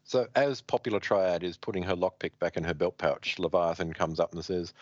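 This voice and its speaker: A man hosting a podcast, reading a comic aloud and acting out the characters in a wry, steady way. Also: deep voice, brisk, dry recording. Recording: dry, dull lo-fi sound.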